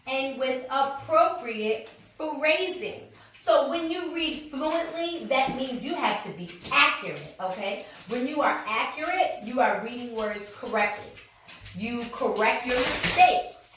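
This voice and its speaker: A woman teaching a first grade reading lesson in a slow, emphatic manner, often checking in with her pupils. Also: high-pitched, fairly bright tone. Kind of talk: recorded classroom lesson. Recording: echoey room, mic far off.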